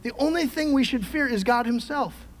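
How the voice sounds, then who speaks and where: A middle-aged male pastor preaching a sermon, emphatic, swinging from shouted peaks to quiet conversational asides. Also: very high-pitched, moderate pace. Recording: long hall reverb.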